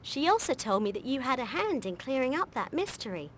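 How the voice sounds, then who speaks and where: Brief: a nervous, talkative game maid, high and lilting. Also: female voice, big pitch swings, fairly quick, a bit bright, a little hiss or hum. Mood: fussy. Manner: chatty, fussy. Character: flustered talkative female maid.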